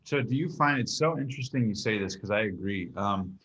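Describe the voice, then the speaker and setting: A man's voice: on the low side, expressive, a little fast, fairly bright tone. A man hosting an interview, asking long, winding questions full of fillers and murmuring agreement while his guest speaks. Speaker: interview host. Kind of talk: conversational interview.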